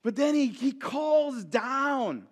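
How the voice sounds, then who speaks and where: A man giving a sermon as a guest pastor, telling the story with lots of energy, jumping from loud bursts to quiet asides and joking with the congregation. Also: very high voice, takes it slowly, in a large hall. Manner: animated storytelling, swinging between loud bursts and hushed asides; jokey, talks straight to the congregation.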